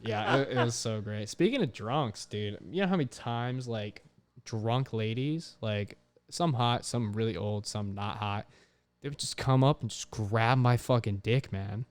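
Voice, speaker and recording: A young man hosting a podcast, telling stories in a casual, profane, animated way. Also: fairly low pitch, a little slow. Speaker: podcast host. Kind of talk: casual chat.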